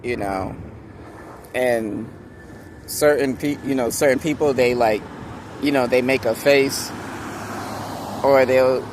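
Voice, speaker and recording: A man giving a casual motivational talk to camera, speaking slowly and deliberately with many pauses and restarts. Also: medium pitch, fairly even intonation, slight background noise. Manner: slow, deliberate, halting speech with many restarts. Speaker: vlogger.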